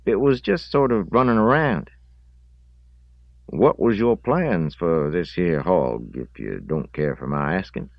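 A man doing a slow, drawling, tipsy Southern man. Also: low voice, animated, dry recording, highs cut off, voice pushed up. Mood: wry. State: slightly drunk. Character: slow, contemplative, slightly drunk rural man.

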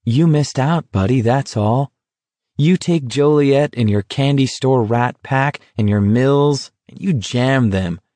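A stubborn young man from a quiet small town answers flatly and tersely, as a male narrator voices him. The voice stays close to the reader's own. The sound is dry, with no room around it. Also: medium pitch, slow pace, dry recording, close to an everyday voice.

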